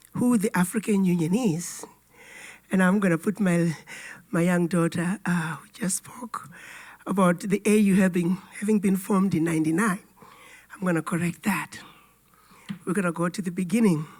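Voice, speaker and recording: A woman ambassador giving a formal speech, hoarse and raspy as she gets over a cold, telling history with emphatic storytelling. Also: medium pitch, a little mellow. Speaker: ambassador giving a keynote address.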